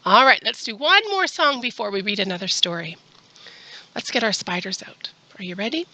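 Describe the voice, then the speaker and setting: A woman's voice: mid-range voice, animated, moderate pace, bright, forceful tone, no echo. A woman librarian leading a children's storytime, reading a picture book aloud and asking the children coaxing questions.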